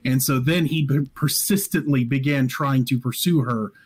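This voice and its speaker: A man's voice: medium pitch, moderate pace, breathy edge. A man, a podcast guest, chatting casually about tabletop games, telling stories with lots of fillers. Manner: animated, anecdotal, filler-heavy. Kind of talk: casual chat.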